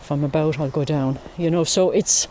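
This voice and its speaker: A woman's voice: deep voice, mellow, slight background noise. Irish woman chatting outdoors by a lake. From Ireland. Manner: chatty storyteller, unhurried. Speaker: interview guest, wildlife photographer. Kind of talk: casual chat.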